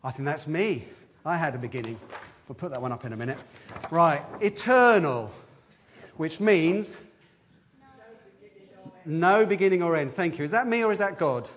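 A man giving a lively, interactive children's talk in a church service, quizzing the children as he goes. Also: on the high side, a little hiss or hum. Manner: lively, questioning the children, quick asides.

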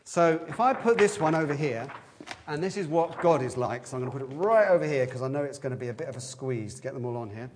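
A man giving a lively, interactive children's talk in a church service, quizzing the children as he goes. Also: a little high, slight background noise. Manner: lively, questioning the children, quick asides.

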